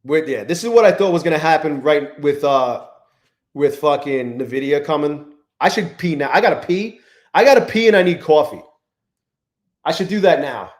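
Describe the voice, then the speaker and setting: A young man talks loosely and profanely to his live audience as he trades, his voice sitting fairly high. He keeps greeting chat viewers by name between remarks. The room around him rings with echo. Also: moderate pace. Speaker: live-stream trading host. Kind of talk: casual live-stream chat. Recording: echoey room.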